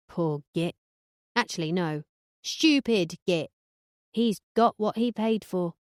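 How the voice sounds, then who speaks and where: A woman narrating an audiobook in the first person, sardonic and deadpan. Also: fairly low pitch, slow pace, long pauses, no echo, clean studio sound.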